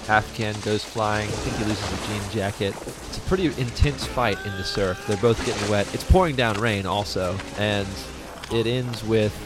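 A man co-hosting a casual movie review podcast, chatting, laughing often and acting out characters' lines. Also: lowish voice. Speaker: podcast co-host.

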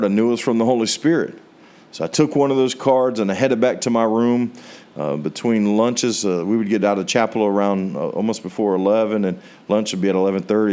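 An American pastor with a lowish, slightly mellow voice preaches a sermon. He shares a personal testimony in earnest storytelling fashion, his voice rising on rhetorical questions.

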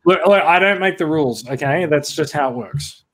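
An Australian man hosting a podcast in easy, joking chat. His voice sits a touch high for a man, and he pokes fun at himself and at the show as he talks. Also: moderate pace, fairly bright tone. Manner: jokey, self-deprecating, chatty. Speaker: podcast host. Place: Sydney.

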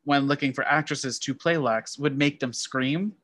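Podcast co-host, bright tone, rambling self-corrections, dry close mic. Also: mid-range voice, moderate pace, no room sound. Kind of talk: casual movie-trivia chat.

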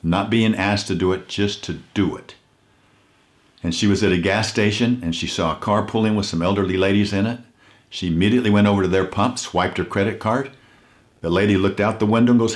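Deep-voiced earnest man giving a talk. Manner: earnest, slows down to stress key points. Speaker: motivational speaker. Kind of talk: inspirational talk with storytelling.

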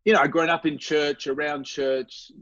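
A man's voice: a little high, little pitch movement, normal speed, a bit bright, dry recording. A man as an interview guest telling a personal faith story, earnest and reflective, often restarting and repeating his words. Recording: dry, slightly dull recording.

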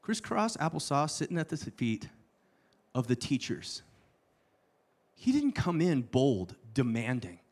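A man preaching a sermon, telling the story with playful asides and sudden hushed lines. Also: mid-range voice, very animated, unhurried, long pauses. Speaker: pastor.

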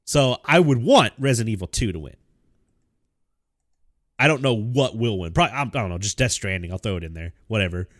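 Lively, laughing young man. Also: on the low side, a little fast, no echo, clean studio sound. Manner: animated, laughs often, self-deprecating. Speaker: podcast co-host. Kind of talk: casual chat.

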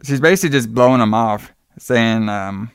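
A man's voice: medium pitch, lively intonation, moderate pace, smooth, dry recording, studio quality. Rambling profane man recapping a movie. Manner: rambling, profane, acts out quotes with laughs. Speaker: podcast co-host recapping a movie. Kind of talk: casual movie recap chat.

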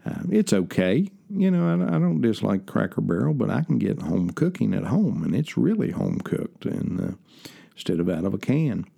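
A low-voiced older man rambles along in a relaxed, folksy monologue, dropping in fillers and personal asides. His voice is heavily gravelly with lots of fry, and the tone is dark and mellow. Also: moderate pace. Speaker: host. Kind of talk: casual spoken monologue. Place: lives in central Ohio.

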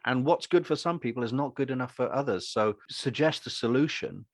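A man who acts, talking through his opinions in a rambling, animated way and acting out other people's lines. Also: medium pitch, fairly quick, no echo. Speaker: podcast co-host and actor. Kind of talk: casual opinionated chat.

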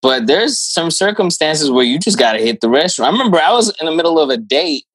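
A man co-hosting a podcast in casual chat, throwing in jokes and quick reactions. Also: fairly high pitch, big pitch swings, a bit bright, slightly rough, no echo. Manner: reactive, joking interjections. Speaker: podcast co-host.

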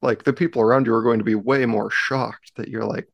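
Gravelly man hosting a podcast. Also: medium pitch, steady tone, a little fast, no room sound, muffled recording. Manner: friendly, joking, self-deprecating. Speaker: podcast host. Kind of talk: casual podcast interview.

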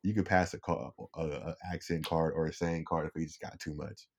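A young man co-hosts a casual podcast, his voice extremely low, fairly even in intonation, brisk and a little mellow. He rambles in a laid-back way and restarts often.

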